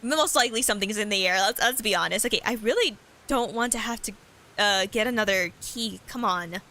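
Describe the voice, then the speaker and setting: Brisk and sharp, a medium-pitched woman's voice reads a horror visual novel aloud on stream. She takes on every character's voice and adds joking commentary.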